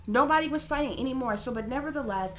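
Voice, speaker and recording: Emphatic higher-voiced woman commentator. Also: lively intonation, quick pace, a bit bright, soft background music. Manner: emphatic, repeats "okay?" to press points, swears casually. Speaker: psychic reader and channel host. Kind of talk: casual commentary to viewers.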